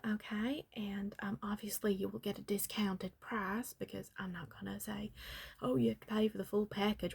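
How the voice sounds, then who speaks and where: A woman's voice: mid-range voice, creaky, husky. A woman in a whispered role-play as a chatty salon makeup artist, putting on a Southern US accent and calling the listener honey and darling. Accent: put-on Southern US. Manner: drifts between whisper and soft voice. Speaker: ASMR artist as makeup and magic salon worker.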